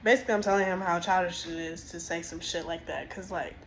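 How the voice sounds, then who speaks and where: A woman's voice: fairly low pitch, steady tone, fast, few pauses, fairly bright tone, a little hiss or hum, rough recording. A young woman telling a storytime tale in a blunt, exasperated, profane way. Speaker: storytime vlogger. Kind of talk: casual storytime rant.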